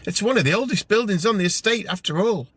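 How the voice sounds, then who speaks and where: An awkward young ghost hunter with a South Welsh accent earnestly insists on his innocence in a storybook reading, as a man puts him on. The voice lifts up high and sounds musical. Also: lively intonation, fast talker, a bit bright, slightly rough, dry recording, full character voice. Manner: earnest, defensive.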